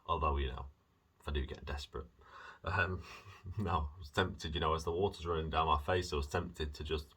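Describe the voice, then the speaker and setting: A British man chatting in a rambling, self-mocking way in a casual video diary, dry-mouthed from fasting. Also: very deep voice, fairly even intonation, fairly bright tone, breathy edge. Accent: British English. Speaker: vlogger.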